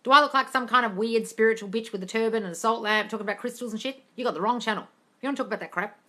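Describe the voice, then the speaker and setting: A woman's voice: fairly high pitch, rapid-fire. A woman hosting a casual live Q&A on a phone stream, blunt and sweary, calling viewers darling and squealing at comments. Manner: animated, squeals and laughs at comments. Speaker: livestream host answering viewer questions. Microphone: phone livestream.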